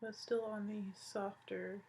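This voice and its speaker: Young woman narrating her makeup, even tone. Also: mid-range voice, measured pace, gravelly, a little hiss or hum. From Hawaii. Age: 20s. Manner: chatty, describes each step as she goes. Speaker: beauty vlogger.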